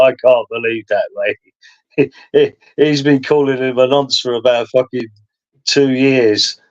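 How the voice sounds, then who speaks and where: Rambling stream host. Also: male voice, mid-range voice, lo-fi sound. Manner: rambling, laughs through his stories. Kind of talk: casual chat.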